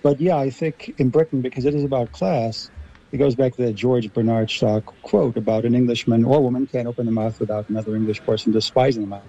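A man's voice: medium pitch, fairly even intonation, a little fast, warm tone, dull audio. A man with an American accent, explaining articulately as a guest in a radio discussion. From Los Angeles, US. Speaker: guest linguist.

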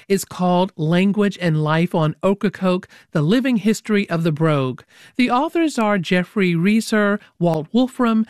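A woman's voice: mid-range voice, a little mellow, dry recording. A woman hosts a public radio interview show in the studio, friendly and teasing with her guests.

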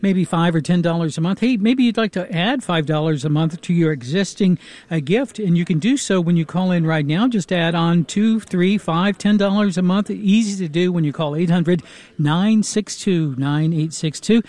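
High, mellow-voiced male radio host. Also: normal speed, no echo. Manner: upbeat, urging listeners. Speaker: radio host running a pledge drive. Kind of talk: on-air fundraising appeal. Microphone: studio microphone.

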